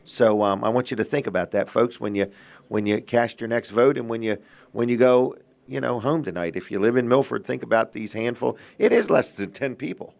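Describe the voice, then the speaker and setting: A man's voice: medium pitch, steady tone, a little fast, creaky, a little mellow. A middle-aged man hosting a local TV talk show, chatting in a folksy, earnest way with many restarts.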